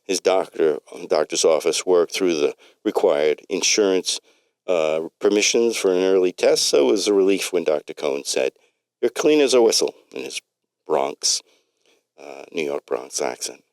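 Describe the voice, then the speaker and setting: A man's voice: deep voice, animated, normal speed, a little mellow, smooth, no echo. A man reading a story aloud in a plain way, with slips and restarts.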